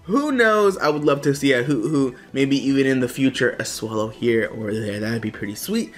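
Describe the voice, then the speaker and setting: A man's voice: mid-range voice, lively intonation, normal speed, faint music behind. A man hosting a gaming video, chatting casually to his viewers in an upbeat, rambling way full of asides. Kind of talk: casual chat to camera.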